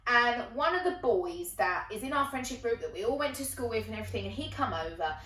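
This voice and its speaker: A woman's voice: on the high side, expressive, fast, pushed and bright. A young woman with an Essex accent telling a rambling, sweary comic story alone in her bedroom. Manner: chatty, rambling, swears freely. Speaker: comedic storyteller. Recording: echoey room, mic at a distance.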